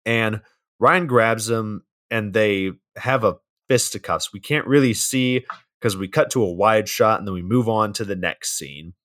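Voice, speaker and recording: A man's voice: on the low side, a little slow, a bit bright. A man co-hosting a podcast, casually recapping a film's plot with frequent swearing. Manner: laid-back plot recap, swears often. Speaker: podcast co-host. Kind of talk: casual movie review chat.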